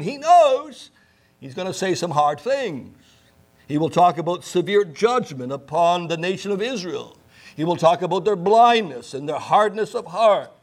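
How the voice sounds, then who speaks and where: Emphatic preaching man, fairly high voice. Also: darkish tone. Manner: emphatic, repeats key phrases, rhetorical questions. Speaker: pastor. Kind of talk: sermon.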